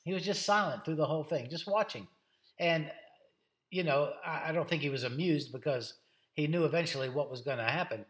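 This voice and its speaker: A man's voice: a little high, fairly quick, a bit bright, roomy sound. A man preaching a sermon, dramatic and emphatic, lingering on words for effect. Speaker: pastor.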